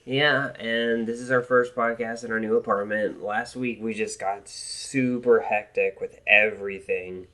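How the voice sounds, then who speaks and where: A woman's voice: rumbling low, fairly even intonation, a little slow, hardly any pauses, fairly bright tone. A woman co-hosting a podcast in casual chat, speaking hesitantly with frequent filler words, recorded in a newly moved-into apartment. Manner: apologetic, hesitant, many ums and likes. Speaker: podcast co-host.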